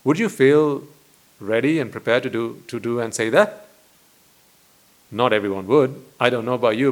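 A man, a Buddhist monk, giving a dharma talk in a deliberate way, full of rhetorical questions and repetition. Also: medium pitch.

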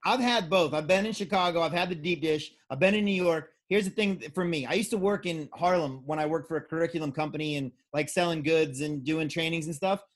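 A man's voice: a little high, fairly quick, few pauses. A man hosting a surf podcast, teasing his co-host and his guest in a playful way. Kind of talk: casual chat.

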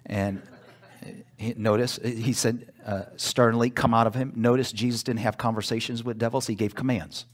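A male pastor preaching a sermon in church, emphatic, pausing for call-and-response asides. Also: medium pitch, flat delivery.

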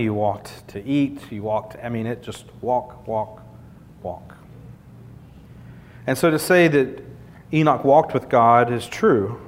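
A man preaching a sermon in an earnest, conversational way, building points through repetition. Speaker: pastor. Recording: long hall reverb, faint rumble.

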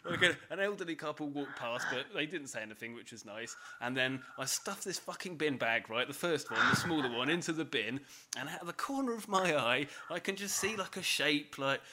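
A man's voice: on the high side, expressive, brisk, bright, forceful tone. A man on a podcast, animatedly telling a story through laughter and swearing. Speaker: podcast co-host. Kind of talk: casual storytelling chat.

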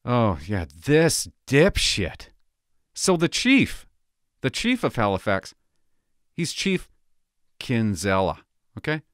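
A man's voice: mid-range voice, huge pitch swings, slow, long pauses, clean tone, dry recording, clean studio sound. A middle-aged man, a former police officer, giving an indignant, sarcastic commentary on a news story. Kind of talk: opinionated commentary vlog.

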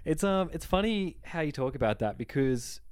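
A man's voice: a little high, lively intonation, normal speed, darkish tone. A young man, co-hosting a casual chat in a teasing, wry way. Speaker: podcast co-host.

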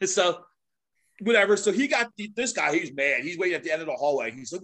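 A middle-aged man rattling off his stories at a quick clip, his voice sitting a little high for a man. He is a guest on a podcast and talks in a loose, animated way, laughing as he goes and acting out other people's lines. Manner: animated, laughs often, acts out quotes. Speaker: guest, veteran sports mascot. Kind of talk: casual storytelling.

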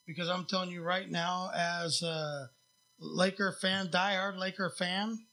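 A man hosts a casual podcast chat, rambling and swearing freely as he gives blunt opinions. His voice is high and bright, with a sharp edge. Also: steady tone, measured pace. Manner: blunt, profane, rambling with fillers. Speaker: podcast host.

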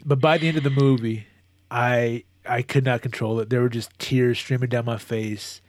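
A man chatting casually as a co-host, telling a long, animated story with many restarts and moments of emotion. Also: medium pitch, moderate pace, no echo. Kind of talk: casual chat.

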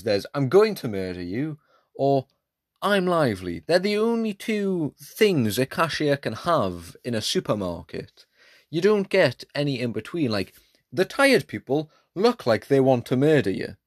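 A man's voice: medium pitch, no echo, studio quality. A young man in his late teens from England, hosting a casual solo podcast in a rambling, jokey, self-deprecating way. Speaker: podcast host.

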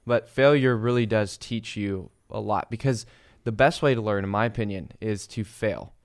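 A man talking in a relaxed podcast conversation, reflective and pausing to find his words. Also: fairly low pitch, dry recording, studio quality. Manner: reflective, searching for words with restarts. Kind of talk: casual chat.

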